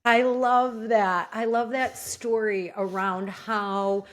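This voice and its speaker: A woman's voice: a little high, steady tone, slow. Enthusiastic woman hosting an interview. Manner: enthusiastic, affirming, summarizing the guest's points. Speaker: podcast host.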